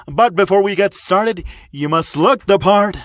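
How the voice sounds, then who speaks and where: A man voicing a grand, upbeat hero teacher, raising his voice into loud proclamations. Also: high voice, unhurried, dry recording, studio quality. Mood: booming. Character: booming heroic male teacher, grand and upbeat.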